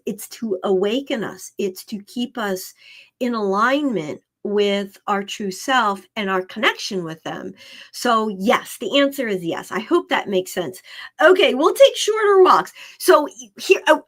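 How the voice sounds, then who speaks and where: A woman's voice: a little high, lively intonation, unhurried, fairly bright tone. A woman working as an animal communicator, giving live readings in a chatty way, often repeating herself and laughing.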